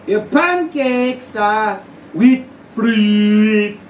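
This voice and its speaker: A man's voice: high-pitched, extremely slow, a little hiss or hum, voice pushed up. A man putting on a brash swearing waitress. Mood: incredulous. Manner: incredulous, swearing outbursts. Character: brash, exasperated female diner waitress. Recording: echoey room, far mic, guitar.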